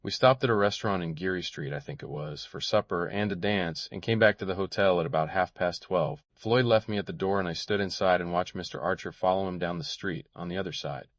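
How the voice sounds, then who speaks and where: A man's voice: sits low, brisk, hardly any pauses, no room sound, natural voice. A man doing a pleading, frightened young woman. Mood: subdued. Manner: tremulous, pleading. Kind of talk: audiobook character voice. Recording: dull, dry recording.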